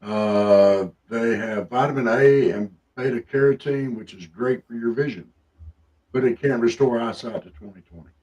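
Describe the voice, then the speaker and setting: A man's voice: mid-range voice, a little mellow, muffled recording. A man co-hosting a live talk show, joking and teasing his partner in casual banter. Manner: teasing, joking, drawn-out emphasis. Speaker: co-host.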